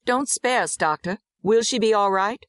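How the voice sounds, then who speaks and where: A woman's voice: mid-range voice, normal speed, fairly bright tone, no room sound, studio quality, pitched above the performer's own voice, natural voice. A woman voicing a worried father in his forties who speaks urgently and pleadingly. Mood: earnest. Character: worried Southern father, a former army captain in his forties.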